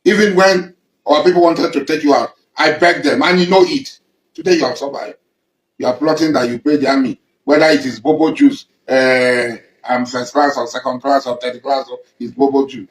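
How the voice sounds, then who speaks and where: A man's voice: mid-range voice, fairly even intonation, normal speed. Accusing Nigerian man, echoey room. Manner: accusing, emphatic, repeats lines for force. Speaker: traditional ruler and political figure. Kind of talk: confrontational public address.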